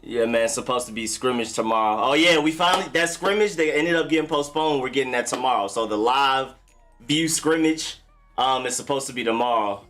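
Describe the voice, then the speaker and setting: A man's voice: medium pitch, a little fast, fairly bright tone, faint music behind. A young man hosting a football live stream, talking in a loose, slangy, chatty way and greeting viewers by name. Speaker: sports live stream host. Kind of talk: casual live-stream talk.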